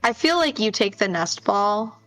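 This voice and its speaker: A woman's voice: mid-range voice, expressive, normal speed, fairly bright tone, soft background music, poor audio. Chatty woman co-casting a card game. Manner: chatty and easygoing, laughing often, with fillers. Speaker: co-commentator and tournament player. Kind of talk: casual live game commentary.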